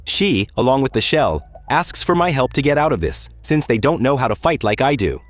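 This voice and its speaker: A man narrating a video game's story as a let's-play recap, casual and lively, with offhand asides to viewers. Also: medium pitch, normal speed, no echo, soft background music. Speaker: gaming YouTuber.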